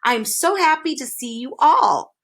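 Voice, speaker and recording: A woman reading a storybook aloud, voicing an elegant, overly courteous faceless gentleman. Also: sits high, lively intonation, moderate pace, voice pushed up, heavily acted. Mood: polite. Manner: smooth, courteous.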